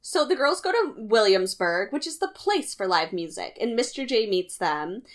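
Young female podcast co-host, mid pitch, blunt and quick, casual recap chat. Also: big pitch swings.

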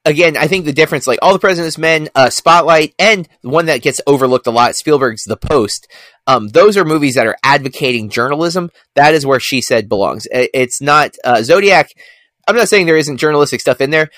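A man's voice: on the high side, expressive, a little fast, a bit bright, dry recording. A man co-hosting a film podcast, talking casually with many fillers and self-corrections. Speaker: podcast co-host.

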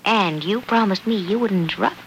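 A woman's voice: medium pitch, fairly quick, slight background noise, close to an everyday voice, rough recording. A young woman playing a kind bride-to-be who patiently reads a fairy tale to a little girl, in 1940s radio-play acting. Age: young adult. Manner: patient, reading a story aloud.

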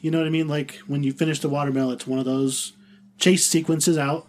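Easygoing man with a higher voice. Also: little pitch movement, brisk, a little mellow. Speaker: podcast co-host. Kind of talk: casual gaming podcast chat.

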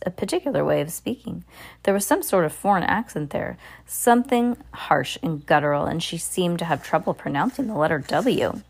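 A woman's voice: low voice, gravelly. A woman reading a children's novel aloud in a casual, unpolished way, often stumbling and restarting words, with an occasional aside to someone listening. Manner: asides to a listener beside her. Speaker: reader.

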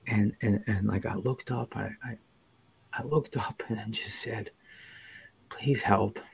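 A man telling his own recovery story as a podcast guest, earnest and halting, with many restarts and dips to near whispers. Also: on the low side, fairly even intonation, creaky, slight background noise. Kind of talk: personal storytelling in an interview.

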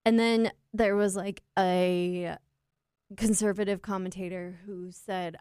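A woman co-hosting a podcast, chatting casually and wryly about films in an animated way. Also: medium pitch, slow pace, clean tone, no room sound. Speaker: podcast co-host. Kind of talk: casual film review chat.

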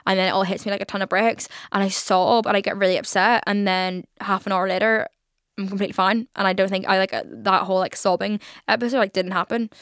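A young woman talks straight into a close, dry mic in a casual podcast monologue. She rambles, swears freely and fills every gap with "like." Her pitch sits in an everyday middle range. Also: a bit bright, no echo. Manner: chatty, swears, heavy filler "like". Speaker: podcast host.

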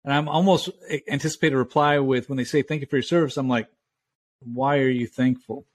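A man's voice: medium pitch, steady tone, brisk. A man, a US army veteran, talking casually and reflectively, often restarting with stammers. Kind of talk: casual chat.

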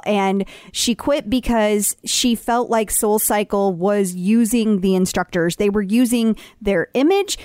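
A woman co-hosting a podcast in casual chat, talkative and laughing often with quick asides. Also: mid-range voice, a little mellow, clean tone, no room sound, clean studio sound. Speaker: podcast co-host.

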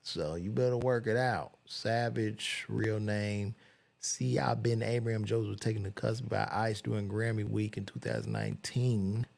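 Low gravelly man reacting to celebrity news. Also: fairly even intonation, moderate pace, a little mellow. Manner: loose, profane, reacting aloud while browsing. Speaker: commentator reading celebrity news. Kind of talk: casual news reaction commentary.

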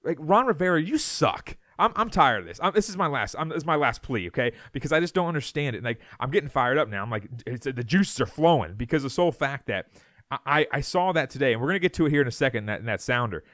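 A man's voice: mid-range voice, expressive, quick pace, fairly bright tone, dry recording, studio quality. A man co-hosting a sports podcast, ranting heatedly, stumbling over and repeating words as he gets worked up. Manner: fired up, repeats words, mocks others in put-on voices. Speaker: podcast co-host.

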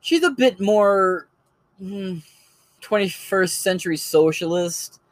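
A man's voice: sits high, expressive, takes it slowly, no room sound. A man doing casual solo commentary on his podcast, talking in a rambling and profane way with lots of fillers. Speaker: podcast host recommending creators.

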